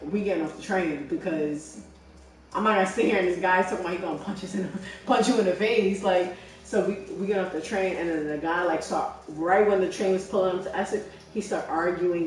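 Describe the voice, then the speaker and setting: A woman's voice: lowish voice, a little fast. Young New woman telling a story casually. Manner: animated, profane, filler-heavy storytelling. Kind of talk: casual chat. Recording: echoey room, far from mic.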